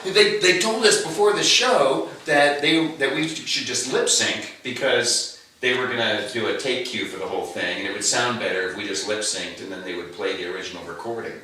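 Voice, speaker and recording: A man who is a stand-up comedian, telling an animated anecdote in casual chat and acting out both sides of a conversation. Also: fairly low pitch, brisk, slight background noise. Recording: echoey room, distant mic.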